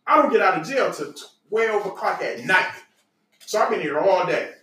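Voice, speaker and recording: Laughing, animated man telling a story. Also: sits high, moderate pace, a little hiss or hum. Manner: laughing, animated storyteller with loose casual grammar. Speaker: podcast host. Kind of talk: casual storytelling chat. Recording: echoey room, mic at a distance.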